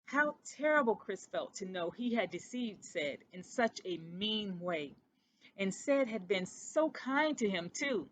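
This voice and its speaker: A woman reading a children's picture book aloud as a storyteller, steady and unhurried. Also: mid-range voice, slight background noise.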